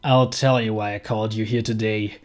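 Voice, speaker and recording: A man's voice: fairly low pitch, little pitch movement, normal speed, natural voice. A man voicing an envious middle-aged scientist father who speaks in a cold, contemptuous, menacing way. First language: German.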